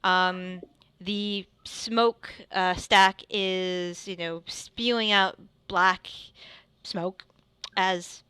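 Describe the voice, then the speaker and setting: Woman GM narrating, rambly, bright voice, dry close mic. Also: on the low side, steady tone, very slow, smooth, dry recording. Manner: rambling, many fillers and restarts. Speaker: game master. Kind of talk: narrating a tabletop game.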